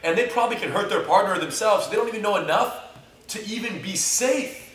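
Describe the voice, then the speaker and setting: A man's voice: sits high, brisk, a little hiss or hum. A man from the United States, a jiu-jitsu instructor, chatting casually and acting out scenarios with jokes. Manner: animated, jokey, acts out scenarios. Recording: echoey room, mic at a distance.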